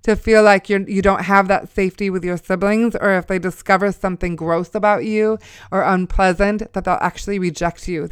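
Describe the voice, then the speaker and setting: A woman's voice: lowish voice, smooth, no echo, studio quality. A woman in her forties telling a family story as a spoken testimony, conversational with preacher-like asides. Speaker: mother sharing a testimony.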